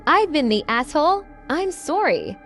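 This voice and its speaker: Young male soldier, raw and blunt, voiced by a woman, high, wide-ranging pitch. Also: sing-song, normal speed, a bit bright, faint music behind, full character voice. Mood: halting.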